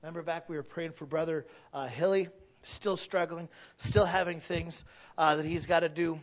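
A man in his thirties, a pastor, delivering an impassioned sermon that swings from hushed to loud, repeating key phrases. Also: a little high, steady tone, moderate pace. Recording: dull lo-fi recording.

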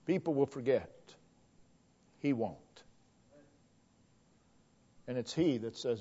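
A man preaching a sermon, slow and emphatic, repeating a refrain and swinging between loud declarations and hushed tones. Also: medium pitch, lively intonation, slightly rough. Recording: dull lo-fi recording.

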